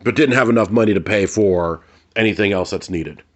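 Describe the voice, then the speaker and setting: A low-leaning male voice, talking a little fast, rants angrily at the camera for his vlog. He's blunt, curses, and repeats phrases for emphasis.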